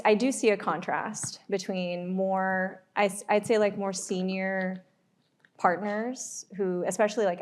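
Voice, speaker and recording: A woman in her thirties, an alumni panelist, answering with careful qualifications and some restarts. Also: mid-range voice. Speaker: alumni panelist, privacy counsel. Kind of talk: casual panel talk.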